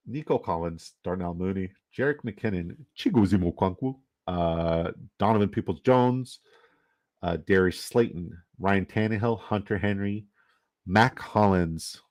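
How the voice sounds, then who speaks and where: A low-voiced Canadian man runs down a fantasy football draft with loose, jokey commentary, swearing casually as he goes.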